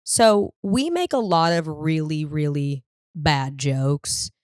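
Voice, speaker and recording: A woman in her thirties delivers a comedic monologue in a fairly low voice, rambling and swearing freely as she acts out the people she quotes. The sound is dry and close, with no room around it. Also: slow pace, a little mellow, no echo. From US East Coast. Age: 30s. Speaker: podcast host.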